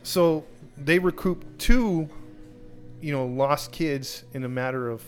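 A man's voice: on the high side, slow, faint music behind. Rambling man telling a true crime story. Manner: rambling, with many restarts and acted-out quotes. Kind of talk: casual storytelling.

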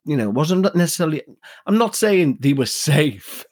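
A man's voice: fairly high pitch, big pitch swings, moderate pace, darkish tone, dry recording, clean studio sound. A British man from the UK, a podcast guest, chatting casually and hesitantly, searching for his words. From United Kingdom. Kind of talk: casual chat.

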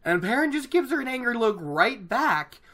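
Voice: mid-range voice, sing-song, normal speed, sharp tone. A host casually recapping a fantasy novel chapter, chatty and rambling, with lots of fillers. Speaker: book podcast host.

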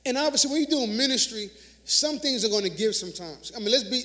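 Fast and expressive, this minister's very high-pitched voice comes out pushed and bright. Preaching in the church sanctuary, he leads call-and-response, asking the congregation to repeat words, and his conversational sermon is peppered with "y'all," "right?" and frequent laughter.

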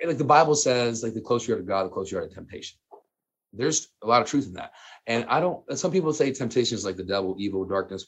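Husky-voiced man telling a story. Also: fairly low pitch. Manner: animated, laughing often, many fillers. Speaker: guest. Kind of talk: casual storytelling.

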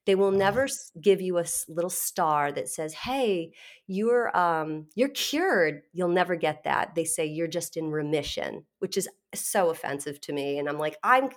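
A middle-aged woman guest in an interview, telling her story candidly and animatedly, with frequent laughs and quick restarts. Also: deep voice, fairly even intonation.

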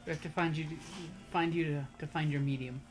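A woman's voice: sits low, fairly even intonation, quick pace, soft background music. A woman game master asking each player questions in turn. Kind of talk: hosting a casual chat.

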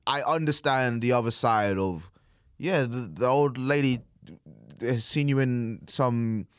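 A man's voice: medium pitch, measured pace, clean tone, dry recording, studio quality. A man co-hosting a podcast, rambling through casual chat with slang and restarts. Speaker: podcast co-host.

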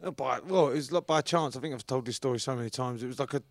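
A man's voice: mid-range voice, quick pace, creaky, no room sound. Cheeky Cockney man, dry close sound. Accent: London Cockney. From East London, England. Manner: cheeky, joking banter. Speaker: podcast guest, rugby league player. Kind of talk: casual podcast chat.

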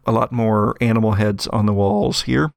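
A man narrating as game master in an actual-play show, laid-back and halting with fillers. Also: lowish voice, fairly even intonation, vocal fry, no echo, studio quality.

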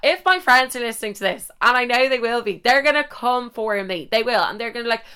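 A woman's voice: a little high, fast talker, clean tone. A young woman hosting a podcast, talking frankly and casually with lots of swearing and acted-out asides. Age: young adult. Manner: chatty, frank and swearing, with lively quoted asides. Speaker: podcast host. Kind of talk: casual solo podcast chat.

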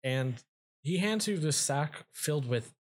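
A man's voice: a little high, expressive, measured pace. A man narrating a tabletop game as dungeon master, with many fillers and frequent laughs.

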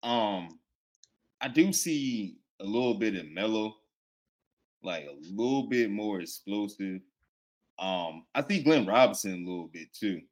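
A man with a somewhat low voice talking through basketball numbers on a casual podcast. He speaks in a steady, matter-of-fact way. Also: a little slow. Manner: steady, stat-heavy. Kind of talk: casual sports chat.

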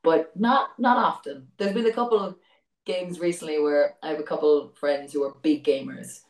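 A low-voiced Irish woman chats away as an interview guest, laughing easily and often restarting her sentences. She sits some way back from the mic. The room around her sounds echoey. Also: moderate pace, darkish tone, distant mic. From Ireland. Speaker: voice actor guest. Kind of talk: casual interview chat.

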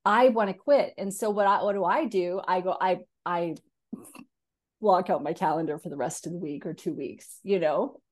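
A woman's voice: lowish voice, normal speed, a little mellow. A woman hosting a spiritual podcast, talking things through in a reflective, casual way. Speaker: podcast host. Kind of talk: casual conversation.

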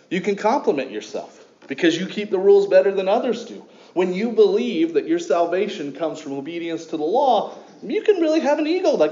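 A man's voice: sits high, warm tone, echoey room, muffled recording. A man preaching a sermon in a church, casual and conversational, with many fillers and restarts. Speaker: pastor. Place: church sanctuary.

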